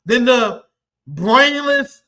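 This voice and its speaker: A young man with a strikingly high, bright voice delivers combative political commentary. His pitch leaps around as he mocks and swears. The tone is sharp and relentless. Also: animated, drawn-out words. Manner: combative, profane, mocking.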